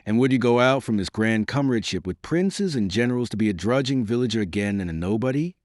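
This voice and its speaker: A man's voice: mid-range voice, expressive, quick pace, a little mellow, no room sound, clean studio sound, close to an everyday voice. A man voicing an old village father, homely and rambling in his talk.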